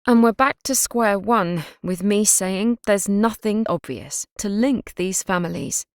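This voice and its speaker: A woman's voice: mid-range voice, measured pace, dry recording, studio quality, pitched above the performer's own voice, natural voice. A woman voicing a frustrated young detective. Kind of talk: audiobook character reading.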